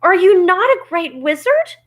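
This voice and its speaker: A woman's voice: high-pitched, sing-song, unhurried, voice pushed up. Brave young farm girl, as a woman reads her. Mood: astonished. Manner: insistent.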